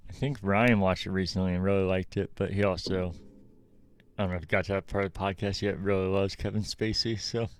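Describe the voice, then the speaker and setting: A man's voice: deep voice, steady tone, a little fast, clean tone. A man co-hosting a podcast, giving laid-back, wry replies in casual chat. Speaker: podcast co-host.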